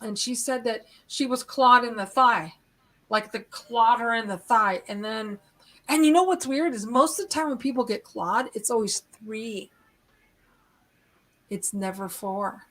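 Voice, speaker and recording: A middle-aged woman hosting a live stream, rambling through an animated story and acting out the moments as she goes. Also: on the high side, measured pace. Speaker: host.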